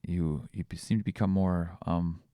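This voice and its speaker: A man hosting a podcast, thinking out loud in a casual reflective monologue, searching for words with frequent restarts. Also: deep voice, fairly even intonation, moderate pace, no room sound. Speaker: podcast host.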